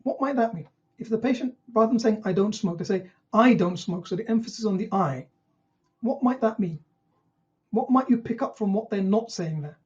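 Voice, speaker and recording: GP trainer, mellow, dull lo-fi audio. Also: medium pitch, lively intonation, fairly quick. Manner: asks rhetorical questions, acts out patient lines. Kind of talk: online teaching session.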